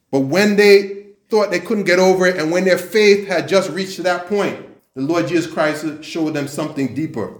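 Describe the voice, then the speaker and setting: Earnest preacher man, echoey room. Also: fairly high pitch. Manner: earnest, repeats himself and restarts often. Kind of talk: sermon.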